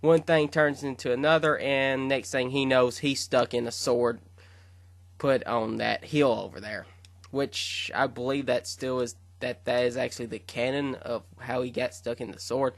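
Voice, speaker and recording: A man's voice: medium pitch, fairly even intonation, moderate pace, creaky, no room sound. A man casually retelling his own fan fiction story, rambling along with fillers and self-corrections.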